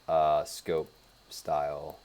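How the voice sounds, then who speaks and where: With a dark, monotone bass voice, a young web developer moves very slowly through a casual screencast tutorial. He thinks aloud over his code, dropping in lots of fillers and side comments.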